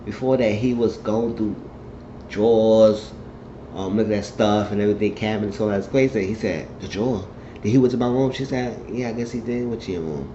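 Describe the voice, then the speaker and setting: Speaking a little fast, this man has a fairly low pitch and a dark tone. As a TV show reviewer, he casually retells an episode's plot, slipping into different voices for the characters' lines. Slight background noise runs through a dull, echoey room recording.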